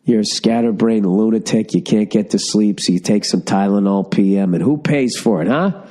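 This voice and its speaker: A man's voice: fairly low pitch, normal speed, warm tone. A middle-aged man hosting a podcast, ranting sarcastically through a profane comedic monologue. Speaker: podcast host.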